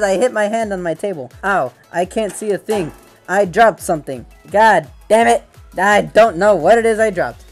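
A man hosting a VR fishing game video, excitable and joking, swearing often as he plays. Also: sits high, normal speed, faint music behind. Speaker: gaming channel host. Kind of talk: VR game commentary. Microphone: VR headset gameplay capture.

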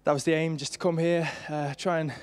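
A man who is out of breath, quietly and haltingly answering a post-race interview at the pool. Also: fairly high pitch, level tone. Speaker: swimmer interviewed poolside.

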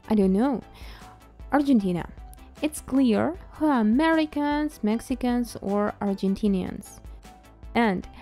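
A woman with a Russian accent talks through a language lesson at a slow, easy pace. Her voice is a little high and mellow. Soft music plays quietly behind her. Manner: chatty, playful, asks herself questions. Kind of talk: casual educational talk to camera.

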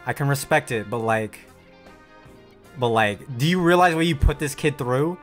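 A man reacting to an anime episode with casual commentary, loud and cursing. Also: mid-range voice, normal speed, faint music behind. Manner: heated, profane outbursts.

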